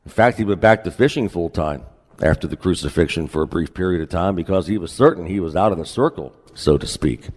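A man pastor preaching a sermon in a relaxed, conversational way with folksy asides, in a church sanctuary. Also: low-pitched, fairly quick, in a large hall.

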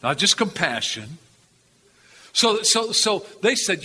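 An older man preaches with a high, bright voice that rings out. He tells his story in an animated way, repeating himself and chuckling. The sound echoes through a large hall over a faint background hum. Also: moderate pace. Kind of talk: storytelling sermon.

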